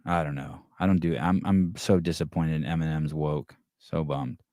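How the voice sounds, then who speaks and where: A middle-aged man hosts a casual podcast in a low, deep voice. He jokes crudely and swears freely, and he slips into voiced quotes as he tells stories. The sound is dry and close, with no room echo. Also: normal speed. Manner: profane, joking, animated storytelling with voiced quotes. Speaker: podcast host.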